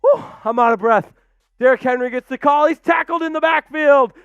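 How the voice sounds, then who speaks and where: Male stream host, very high voice, hyped shouty play-by-play, lo-fi stream audio. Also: fairly quick, clean tone, no room sound. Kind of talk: excited watch-along play-by-play.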